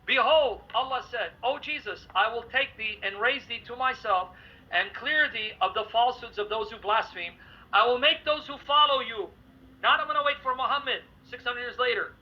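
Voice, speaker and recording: A man's voice: very high-pitched, moderate pace. A man debating religion heatedly, reading scripture passages aloud with force. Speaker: Christian debater. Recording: dull lo-fi audio.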